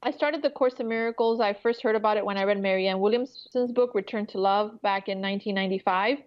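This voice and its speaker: A woman's voice: fast, muffled recording. A woman author talking earnestly about spiritual growth in an interview, now and then acting out inner voices. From Miami area resident. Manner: earnest, spiritual, acts out inner voices with sudden high pitch. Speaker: author guest. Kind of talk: casual interview chat.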